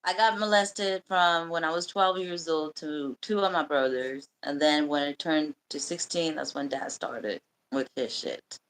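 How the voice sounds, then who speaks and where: A woman hosting a livestream, bluntly and profanely telling a painful personal story in halting bursts. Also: low-pitched, fairly even intonation, fairly bright tone, poor audio. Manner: emotional, halting confession. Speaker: livestream host.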